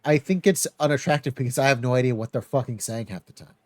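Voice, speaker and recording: Excitable man, dry close sound. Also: medium pitch, fast talker, no room sound. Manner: excitable, teasing, bursts of loud laughing. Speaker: podcast co-host. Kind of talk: casual chat.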